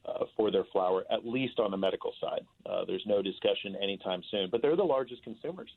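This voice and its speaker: A man rambles on as a guest in a loose, casual interview, his speech full of "uh" and "you know" fillers. His voice sits a little low. It comes through a thin, tinny phone line. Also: fast, husky. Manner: talkative, rambling with many fillers.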